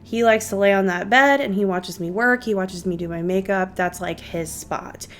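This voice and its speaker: A woman's voice: mid-range voice, normal speed. Chatty woman vlogger doing her makeup. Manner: chatty, talks to viewers while narrating makeup steps. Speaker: beauty vlogger. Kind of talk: casual chit-chat while doing makeup. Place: home guest room used as office.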